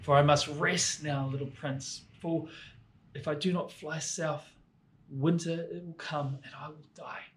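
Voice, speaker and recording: A man's voice: steady tone, unhurried, a little hiss or hum, close to an everyday voice. A man doing a small fretful swallow. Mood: pleading. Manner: high, fretful and pleading. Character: small eager male swallow bird. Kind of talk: children's storytelling.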